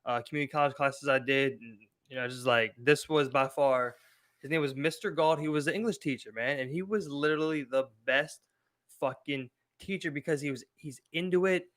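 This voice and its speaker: A man's voice: a little high, brisk, a bit bright. A man co-hosting a podcast in casual chat, reminiscing earnestly and filling his talk with "you know" and "man.". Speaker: podcast co-host.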